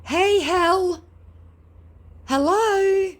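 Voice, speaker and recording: A woman's voice: very high-pitched, extremely slow, voice pushed up, heavily acted. Woman doing a whiny rude male scammer. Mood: snappy. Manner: whiny, clipped retorts. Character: sulky young male online scammer, rude.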